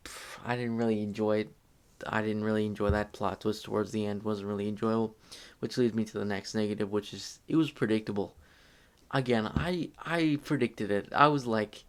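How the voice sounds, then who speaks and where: A man's voice: lowish voice, steady tone, normal speed, clean tone. A young man casually reviewing a movie, rambling and repeating himself with lots of fillers.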